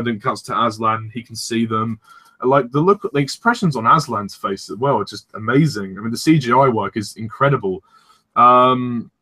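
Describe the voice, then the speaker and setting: A man's voice: medium pitch, pushed and bright. A young man chatting casually as co-host of a film discussion, rambling and enthusiastic, with frank swearing.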